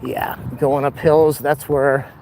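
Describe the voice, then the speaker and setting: A vlogger rants while walking city streets, out of breath from climbing a hill and airing strong opinions in a rambling way. His mid-range voice is flat, slow, a little mellow and full of vocal fry. The rough outdoor recording picks up faint street noise.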